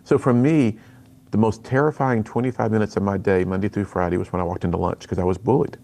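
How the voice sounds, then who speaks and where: A middle-aged man who speaks to students appears as a guest on a radio interview, telling his personal story earnestly and with animation while acting out the lines he quotes. He talks fast, with a fairly low pitch and vocal fry.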